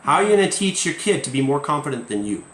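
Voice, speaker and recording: A man's voice: a little high, sing-song, rapid-fire, fairly bright tone, a little hiss or hum. A man hosting a live-stream chat as an English teacher, talking emphatically and tagging points with "okay?". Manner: emphatic, keeps asking "okay?". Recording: roomy echo, faint ambience.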